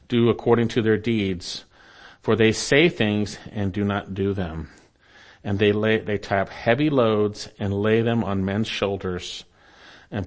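Earnest and deliberate, a man with a fairly low voice delivers a sermon as pastor, easing his pace and softening at phrase endings to stress his points.

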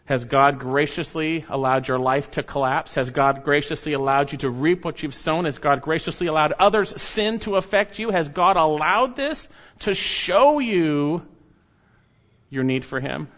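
Man preaching a sermon, kinda high voice, big loud stresses then soft drops, muffled lo-fi audio. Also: animated, measured pace. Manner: emphatic preaching, swinging from loud high stresses to quiet low asides. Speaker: pastor.

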